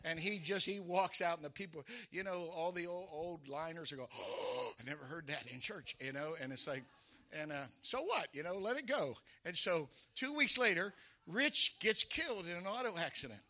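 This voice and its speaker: A middle-aged man preaching a sermon, with emphatic storytelling that rises into shouts. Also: fairly high pitch, lively intonation, moderate pace. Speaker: pastor.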